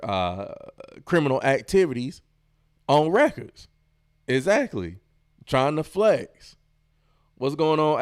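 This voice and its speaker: Man, podcast host, lively swinging pitch, slow unhurried talk, dry close sound. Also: smooth, dry recording. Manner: laughing, animated, slangy. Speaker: podcast host reacting to clips. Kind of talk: casual reaction commentary.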